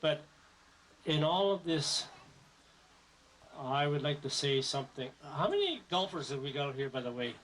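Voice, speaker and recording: A man's voice: a little high, sing-song, normal speed, pauses often, a bit bright, slight background noise, low-quality recording. A middle-aged man giving a rambling, joking speech at a family gathering, often correcting himself as he goes. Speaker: son giving a presentation. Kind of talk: informal family speech with jokes.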